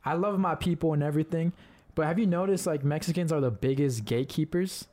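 Fast joking podcast host guy, kinda high voice, swears a lot. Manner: animated, joking, swears freely. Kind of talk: casual chat.

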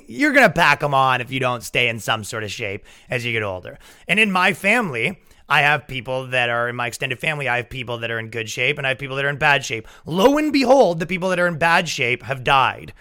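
A man's voice: mid-range voice, lively intonation, fairly quick, sharp tone, clean tone. A man hosting a podcast, ranting in casual chat with profane jokes and laughing asides. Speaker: podcast host.

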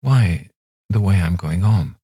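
A man's voice: deep voice, animated, takes it slowly, warm tone, husky, dry recording, clean studio sound, heavily acted. A man reading a story aloud voices a precocious, sweetly teasing young boy in a raised, coaxing voice.

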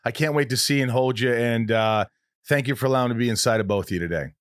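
A man's voice: medium pitch, quick pace, dry recording, studio quality. A man hosting a podcast in casual chat, effusive and affectionate with his guests. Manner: effusive, warm-hearted sign-offs. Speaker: podcast host.

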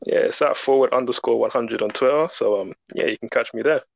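A man, a podcast guest giving fluent, relaxed football analysis. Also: mid-range voice, fast, gravelly, no echo, lo-fi sound.

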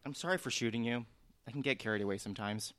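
A man's voice: medium pitch, fast, fairly bright tone, no echo, natural voice. A man playing a crude, jumpy young thief. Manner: blunt, confused, swears.

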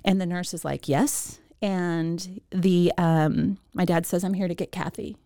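A woman's voice: on the low side, fairly even intonation, unhurried, mellow, dry recording, clean studio sound. A middle-aged woman from Oregon, an executive director, telling her personal story in an interview, earnest and emotional. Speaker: executive director of a pregnancy center.

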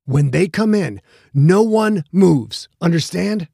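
A man's voice: a little high, animated, slow, gravelly, a little mellow, husky, no echo, clean studio sound, voice pushed up, heavily acted. A man voicing a commanding male starship captain in an audiobook, speaking in a firm, clipped way. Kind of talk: audiobook character voice.

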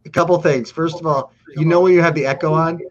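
A man's voice: a little high, fairly even intonation, fast, highs cut off. A male cohost on a comedy show, talking in an earnest, patiently explaining way.

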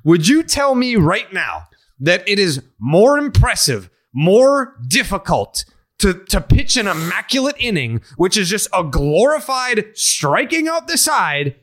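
A man's voice: high voice, very animated, unhurried, a bit bright. A man hosting a sports podcast, ranting in a profane, emphatic way during casual chat. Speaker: podcast host.

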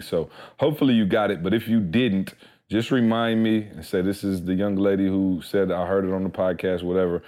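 A man's voice: sits low, darkish tone. A young man co-hosting a podcast, chatting casually in a laid-back, slangy way. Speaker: podcast co-host. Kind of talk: casual podcast chat with ad read.

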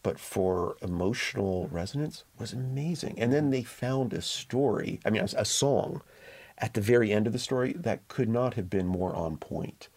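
A man being interviewed as a guest reporter, telling stories in a measured, reflective way. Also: on the low side, expressive, darkish tone. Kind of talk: conversational interview storytelling.

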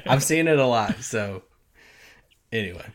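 A man co-hosting a sports podcast, talking loosely with lots of "like" and easy laughs. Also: mid-range voice. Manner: relaxed, many "like" fillers, easy laughs. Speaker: podcast co-host. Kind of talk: casual sports podcast chat.

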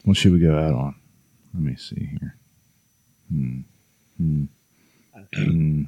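A man's voice: rumbling low, slow, warm tone, no room sound, highs cut off. A man co-hosting a podcast, bantering bluntly and crudely. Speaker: podcast co-host. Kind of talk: casual chat.

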